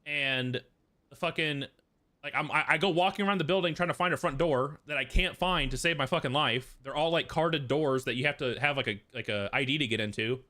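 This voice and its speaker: A man's voice: on the high side, a little fast, sharp tone. A young man casually telling a long, rambling story, swearing often and filling it with "like". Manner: profane, rambling, full of fillers. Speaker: streamer.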